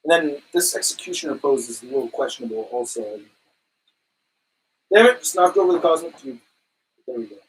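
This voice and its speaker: A man in his thirties chatting casually on a livestream while arranging collectibles at home, excitable and rambling, full of slang. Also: mid-range voice, a little fast, long pauses, a little hiss or hum, rough recording. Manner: excitable, rambling, says dude and epic. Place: home display room.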